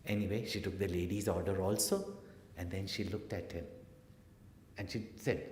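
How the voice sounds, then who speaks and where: A man gives a spiritual lecture, slipping into stories with casual asides and quick tag questions. His voice sits fairly low. The sound is roomy, with a long hall reverb and faint background noise. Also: steady tone. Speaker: spiritual teacher. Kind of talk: lecture with storytelling.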